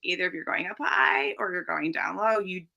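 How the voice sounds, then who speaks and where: A woman's voice: fairly low pitch, animated, moderate pace, gravelly, sharp tone. A woman speech-language pathologist explaining voice training in an interview, demonstrating where the voice sits as she talks. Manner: demonstrates voice placement while explaining.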